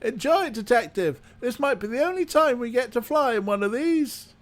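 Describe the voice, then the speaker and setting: A man voicing an excitable, chipper male sidekick in an eager, bouncy way while reading game dialogue. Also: extremely high pitch, normal speed, pitched above the performer's own voice. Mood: cheery.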